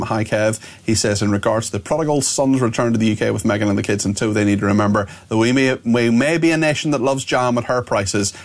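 A man with a Northern Irish accent hosting a talk radio show, reading out listener messages with chatty asides. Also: fairly low pitch. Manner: chatty, reads texts aloud with asides.

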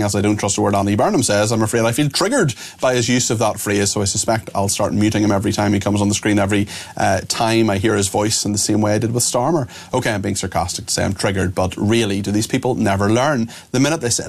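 A gravelly-voiced man hosts a talk radio show from the studio, sitting a little low in his register. He is opinionated and indignant, and he keeps throwing rhetorical questions at his listeners.

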